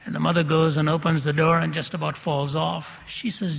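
A man's voice: fairly high pitch, level tone, fairly quick, vocal fry, a bit bright. A man preaching a sermon, telling stories vividly and repeating phrases for effect. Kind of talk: sermon storytelling. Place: large hall before an audience. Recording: long reverb of a large hall.

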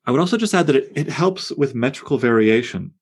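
A man teaching a poetry class, talking in a lively, digressive way that often breaks off into asides. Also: medium pitch, quick pace, husky. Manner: animated, digressive, self-interrupting. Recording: on air class broadcast.

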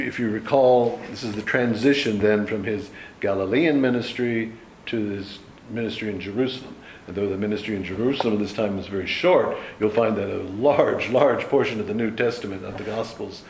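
Male Bible teacher, lower register, conversational and unpolished delivery; roomy, echoing recording. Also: creaky, darkish tone, slight background noise. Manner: conversational, loose, frequent "you know" asides. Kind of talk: informal Bible study teaching.

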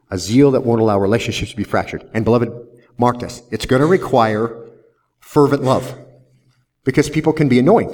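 A man's voice: mid-range voice, a little mellow. A man pastor preaching a verse-by-verse sermon in an earnest manner, often tagging "see?" onto his points.

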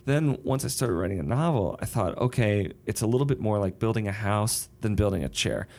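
A man's voice: on the low side, expressive, a little fast, darkish tone. A man who writes songs and novels, talking through his writing process in a thoughtful, casual conversation. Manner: thoughtful, explains with sung rhythms and examples. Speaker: songwriter and novelist.

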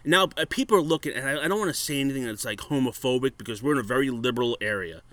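A man telling a bar story in casual chat, profane and animated, acting out what people said. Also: mid-range voice, racing.

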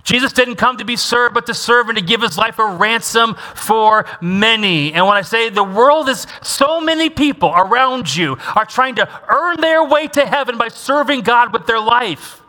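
Emphatic preacher man with a bright voice. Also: very high voice, normal speed, few pauses. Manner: emphatic, repeats key lines and has the congregation echo them. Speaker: pastor. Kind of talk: sermon. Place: church sanctuary. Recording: long reverb of a large church hall.

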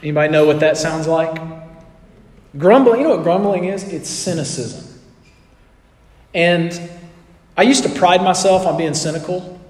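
A man's voice: fairly high pitch, normal speed, long pauses, roomy sound, long reverb tail. A man preaching a sermon in a conversational way, asking the audience questions and acting out quotes. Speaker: pastor.

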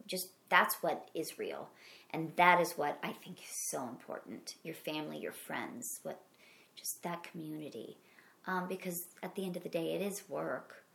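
A middle-aged woman with a Midwestern accent speaks in a low, gravelly voice. She answers earnestly and rambles, circling back and restarting her thoughts. The room around her is echoey. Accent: Midwestern American. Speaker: actor guest. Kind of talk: conversational interview.

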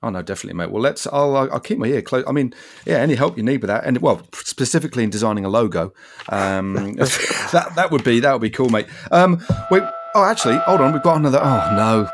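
Lively, chatty male podcast host. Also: medium pitch, fast, a little hiss or hum. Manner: chatty, laughs often, says mate a lot. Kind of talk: casual interview chat.

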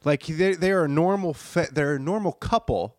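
A man telling a funny story about his job as a server in a profane, animated way, acting out the people in it. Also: fairly high pitch, fairly quick, no echo, studio quality. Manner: profane, animated, acts out quotes. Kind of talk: casual comedic storytelling.

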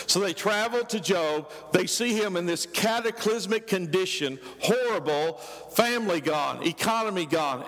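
A man's voice: on the high side, fairly bright tone, in a large hall. A man pastor preaching a sermon in a conversational way, with rhetorical questions and dry asides.

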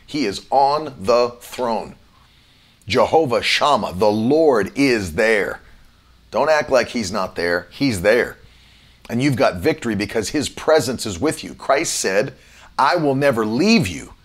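A man preaching an online sermon, emphatic, slowing down to repeat key phrases and spelling out words letter by letter. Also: mid-range voice, expressive.

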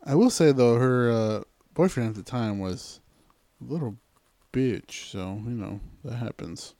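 A man co-hosting a podcast, telling a story in casual chat, repeating himself and trailing off into a low mutter. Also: measured pace, mellow, no room sound.

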